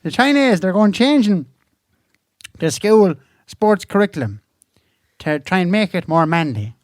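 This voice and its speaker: A man's voice: high-pitched, sing-song, unhurried, no echo, studio quality. An actor playing a crude, rambling rural Irish man who delivers gossipy news as a comedy monologue, swearing and laughing at his own jokes. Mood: chatty. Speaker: comic news presenter.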